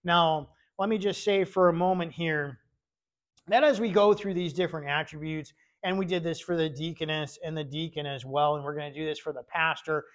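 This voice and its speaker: Man, fairly high voice, relaxed Bible study teacher, conversational, repeats his points. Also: moderate pace. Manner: conversational, with many fillers and repeated key words.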